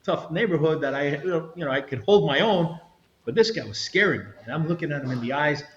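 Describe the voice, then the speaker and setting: A man's voice: fairly high pitch, quick pace, a little hiss or hum. A middle-aged man, a retired federal agent, tells a story as an interview guest, acting out quotes and often restarting his sentences. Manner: animated storyteller, acts out quotes, frequent restarts. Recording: roomy, slightly dull sound.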